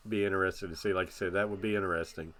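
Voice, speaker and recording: A man chats through a live watch-along in a low, relaxed voice. He rambles casually, circling back with loose filler phrases. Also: very fast. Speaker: live stream reaction host. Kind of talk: casual reaction commentary.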